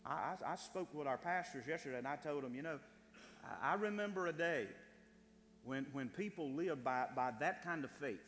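A man's voice: fairly high pitch, expressive, normal speed, fairly bright tone. A man preaching a sermon, building to emphatic, rising lines with repeated words. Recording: light hum in a reverberant hall.

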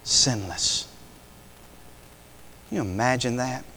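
An older male preacher delivering an impassioned sermon, swinging between hushed words and loud declarations. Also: fairly high pitch, sing-song, moderate pace. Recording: long hall reverb.

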